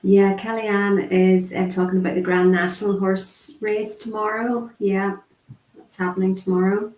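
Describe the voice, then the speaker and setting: A woman voicing a casual online sign language lesson, chatty and unhurried, with frequent ums. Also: medium pitch, flat delivery, a little mellow. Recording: echoey room.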